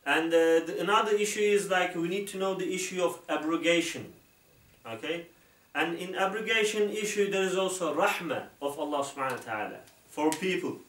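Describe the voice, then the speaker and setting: Male instructor, slightly raised pitch, halting filler-heavy explainer, distant echoey recording. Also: a bit bright. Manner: halting, filler-heavy, keeps checking with "okay?". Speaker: Islamic instructor. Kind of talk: explaining to an interviewer. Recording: roomy, distant mic.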